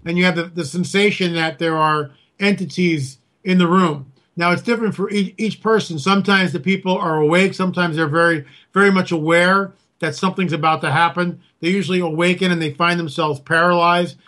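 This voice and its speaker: Guy guest telling stories, high bright voice, super animated. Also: fairly quick, hardly any pauses. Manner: animated storyteller, acts out quotes. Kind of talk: casual interview talk.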